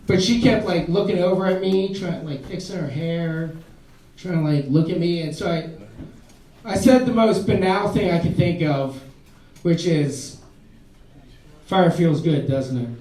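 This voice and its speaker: A man's voice: high voice, slow pace, long pauses, dark tone, echoey room, far from the mic, rough recording. A man performing a stand-up comedy set in a comedy club, telling self-mocking stories in a chatty way and voicing the people in them. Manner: conversational, self-mocking storytelling with quoted voices.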